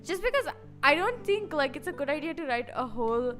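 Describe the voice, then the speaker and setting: A woman with a slightly high voice chats loosely on a live stream. She wanders from thought to thought, leaning on filler words. Soft music hums faintly underneath. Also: sing-song, fairly quick. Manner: rambling, chatty, full of "like" fillers. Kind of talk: casual live-stream chat.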